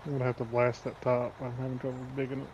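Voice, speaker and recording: Dude in a game chat, practical planner, noisy game sounds under him. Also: male voice, mid-range voice, flat delivery, racing, muffled recording. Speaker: co-player. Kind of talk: casual multiplayer game chat.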